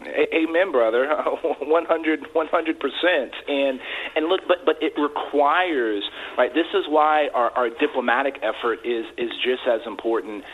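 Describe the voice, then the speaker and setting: A man's voice: medium pitch, unhurried. A congressman giving earnest interview answers by phone, often repeating words as he starts his sentences. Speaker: congressman guest. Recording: tinny phone line.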